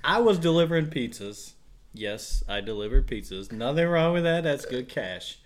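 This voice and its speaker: A man's voice: mid-range voice, big pitch swings, normal speed. A man co-hosting a casual podcast, telling stories full of swearing and laughter. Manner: profane, laughing storyteller. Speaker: podcast co-host.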